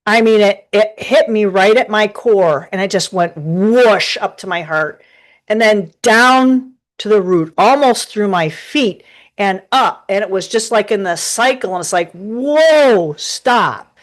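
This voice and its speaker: A woman's voice: medium pitch, unhurried. Chatty woman giving a rambling tarot reading. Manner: rambling, chatty, many restarts. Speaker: tarot reader. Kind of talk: casual live tarot reading. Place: home desk.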